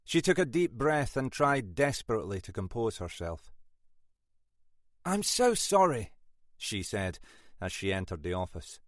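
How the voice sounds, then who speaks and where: A man narrating a mystery audiobook in a measured storytelling style. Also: on the low side, dry recording, clean studio sound.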